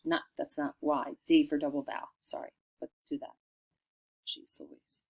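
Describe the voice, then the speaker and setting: This is a recorded children's spelling lesson read by a middle-aged woman teacher who carefully sounds out each word at a slow pace. Her voice is low, level in tone, and slightly mellow.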